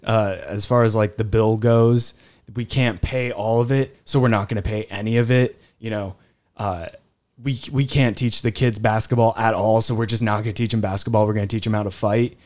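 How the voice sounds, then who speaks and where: A man hosting a casual podcast chat, relaxed and laughing as he talks. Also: on the low side, normal speed. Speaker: podcast host.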